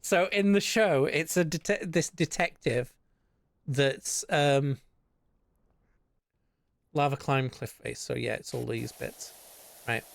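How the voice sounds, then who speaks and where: A man's voice: on the high side, slow, creaky, long pauses, dry recording. A British man streaming casual chat, rambling and swearing often between laughs.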